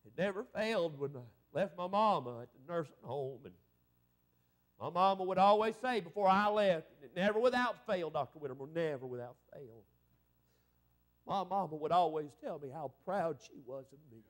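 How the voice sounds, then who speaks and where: High-voiced fervent evangelist man. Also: animated, normal speed. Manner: fervent preaching with rising exclamations. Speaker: evangelist preacher. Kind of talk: revival sermon.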